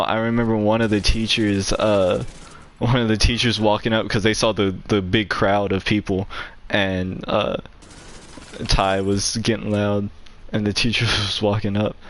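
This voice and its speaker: A man's voice: on the low side, little pitch movement, measured pace, a bit bright. A young man telling a story in casual chat, rambling with lots of fillers and laughing between lines. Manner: rambling, heavy use of "like" fillers, laughs often. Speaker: gaming channel host.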